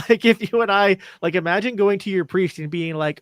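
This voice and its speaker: A man hosting a podcast interview, talking loosely with lots of "like" fillers and quick laughs. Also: high-pitched, clean tone, dry recording. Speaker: podcast host. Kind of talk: casual conversational interview.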